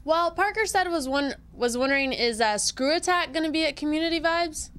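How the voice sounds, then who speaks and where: A woman's voice: high-pitched, expressive, a little fast, a bit bright. A woman co-hosting a live gaming show, playful and teasing. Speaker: co-host. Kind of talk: live web show chat.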